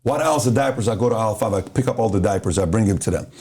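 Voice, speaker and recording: A middle-aged man from Iran tells a story in a mellow, warm voice. He hosts a casual chat and acts out the quotes he tells. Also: on the low side, rapid-fire. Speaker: host.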